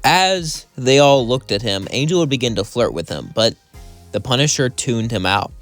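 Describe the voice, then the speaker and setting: A man's voice: medium pitch, expressive, unhurried, faint music behind. A man narrating a fan story casually, rambling and improvised.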